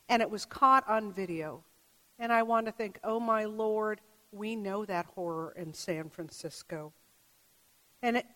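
A woman pastor giving a sermon in a church, reflective and measured, asking the congregation questions. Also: mid-range voice. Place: church sanctuary. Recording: long church reverb.

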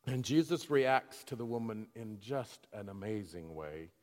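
A man's voice: on the low side, lively intonation, unhurried. A male preacher retelling a scripture story dramatically, then reflecting on it in a sermon. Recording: long hall reverb.

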